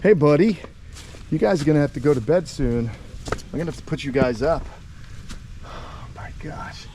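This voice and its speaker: A man's voice: a little high, lively intonation, a little fast, dark tone, a little hiss or hum. Chatty man vlogging outdoors. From Florida. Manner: chatty, talks fondly to his animals. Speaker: animal caretaker and vlogger. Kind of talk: casual walk-and-talk vlog. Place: outdoors at an animal camp with ponds.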